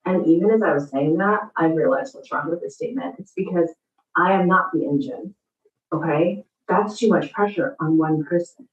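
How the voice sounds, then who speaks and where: A woman's voice: lowish voice, expressive, normal speed, roomy sound, far from the mic, phone-quality sound. A woman in her thirties chatting casually, upbeat and encouraging, giving a motivational pep talk to her viewers.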